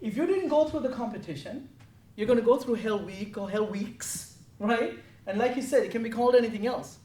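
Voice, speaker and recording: A woman's voice: on the high side, brisk, mellow, a little hiss or hum. A woman heading a trading desk, giving a blunt, profane, intense lecture that keeps pressing her listeners for answers. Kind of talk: confrontational mentoring talk. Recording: roomy, from a distance.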